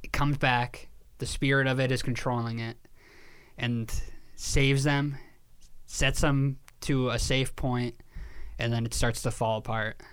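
A man's voice: medium pitch, level tone, a little slow, fairly bright tone, clean tone. A man chatting casually as a podcast co-host, telling a story emphatically, swearing and often restarting his sentences. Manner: repeats words and restarts sentences. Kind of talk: casual chat.

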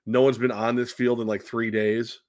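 A man's voice: medium pitch, little pitch movement, moderate pace, a little mellow, no echo, studio quality. A man hosting a casual football podcast, teasing his co-host and rambling with lots of "uh" and "like". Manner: teasing, rambling with many fillers. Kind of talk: casual sports podcast banter.

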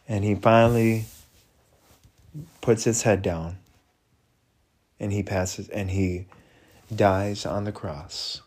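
Slow, low-voiced man preaching. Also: fairly even intonation, darkish tone. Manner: slow, halting, reflective, with many restarts. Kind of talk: devotional retelling and prayer.

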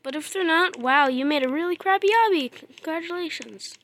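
High, bright woman ranting over a game. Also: normal speed. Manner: swings between muttering and frustrated shouting; exasperated, swears at the game. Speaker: gamer. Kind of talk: gameplay commentary.

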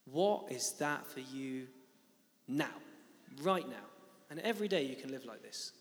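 A young man preaching and telling a personal story in a lively, animated way. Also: medium pitch, measured pace. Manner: animated storytelling, acting out his own shock. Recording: reverberant church hall.

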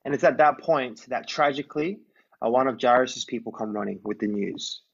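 A man of middle pitch preaches in a relaxed, conversational way. He retells the story vividly and keeps checking in with "right?" The recording sounds somewhat dull and lo-fi. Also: brisk, creaky, breathy edge. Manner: storytelling, asks listeners to imagine, often adds "right?". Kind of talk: conversational sermon.

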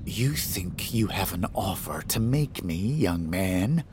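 A sinister shapeshifting demon, voiced by a man, drawls his words slowly and softly. He mocks everyone around him with a cold, quiet menace. The voice sits low and hushed in a dark horror audiobook. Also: animated, slight background noise. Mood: taunting. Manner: slow, soft, taunting.

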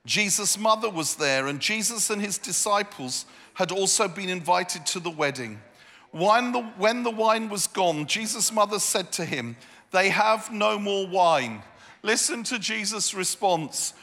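Male preacher, high bright voice, playful repetitive delivery, big reverberant hall. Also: lively intonation, unhurried. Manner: humorous, self-deprecating storytelling with repeated phrases. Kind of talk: sermon. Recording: echoey hall.

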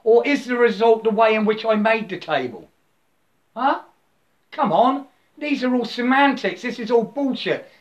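Stammering man with a dull lo-fi sound. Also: high voice. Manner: stammering, repeats words, breaks into slow sung nonsense syllables. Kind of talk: rambling spiritual monologue with chanted glossolalia. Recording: slightly dull lo-fi recording.

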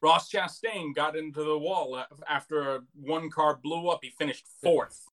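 A man's voice: fairly high pitch, a little slow, a bit bright, poor audio. A man co-hosting a podcast, chiming in with brief casual remarks. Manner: brief backchannel replies. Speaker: podcast co-host. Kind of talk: casual chat.

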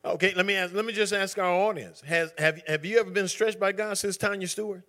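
Man leading a church Bible study; bright, lively teacher, conversational and emphatic. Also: sits high, quick pace. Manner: calls on members by name, conversational and emphatic. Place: church group gathering.

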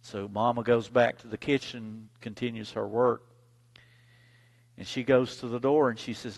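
A male preacher reading scripture and telling a story in a sermon, with dramatic swings in loudness. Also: medium pitch, fairly even intonation, normal speed, creaky. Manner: dramatic, dynamic delivery, big swings in loudness.

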